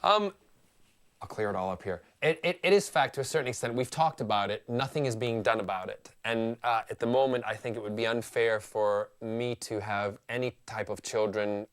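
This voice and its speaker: A man's voice: lowish voice, moderate pace. A man from Scotland, a guest on a television interview, talking earnestly and openly with easy laughs. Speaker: studio guest.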